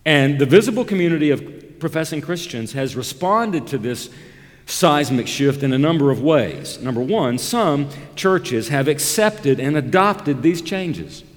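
A man preaching from the pulpit in a deliberate, emphatic cadence, his pitch swinging widely as he presses his points. His voice carries with a long reverb, as in a large church sanctuary. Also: animated. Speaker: pastor. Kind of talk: sermon.

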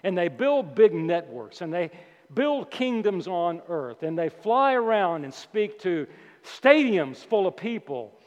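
A man preaching a sermon as pastor, emphatic and deliberate, repeating key words slowly for weight. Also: high voice, sing-song, darkish tone. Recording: dull lo-fi sound with long hall reverb.

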